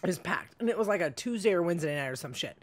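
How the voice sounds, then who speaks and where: A woman's voice: fairly low pitch, animated, racing. A woman stand-up comedian telling a story as a podcast guest, in a blunt, profane way. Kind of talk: casual storytelling.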